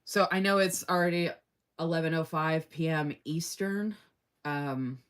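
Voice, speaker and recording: A woman's voice: sits low, unhurried, smooth. A woman hosting a casual live stream, chatty and effusive, laughing often and reading viewer comments aloud. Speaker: live-stream host running a giveaway.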